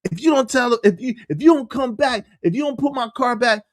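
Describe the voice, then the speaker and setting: A woman's voice: a little high, animated, brisk, no room sound, clean studio sound, pitched above the performer's own voice, lightly acted. A man quoting an insistent angry wife. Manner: insistent, repeating herself. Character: angry wife threatening to call the police.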